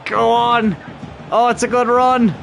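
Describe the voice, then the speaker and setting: A man commentating his own football management game, cheering and shouting when goals go in. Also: very high-pitched, unhurried, creaky, a little hiss or hum. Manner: excitable, shouts at goals, laughs. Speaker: gaming YouTuber.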